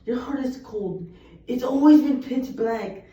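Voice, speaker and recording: Her high-pitched, warm voice takes its time as this young woman delivers poems with earnest emphasis. It's a muffled room recording, distant and full of echo.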